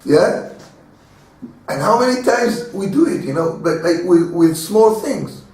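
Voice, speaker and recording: A man teaching a Torah class in a halting, earnest way, with many fillers and restarts. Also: sits high, lively intonation, darkish tone. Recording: echoey room, voice from a distance.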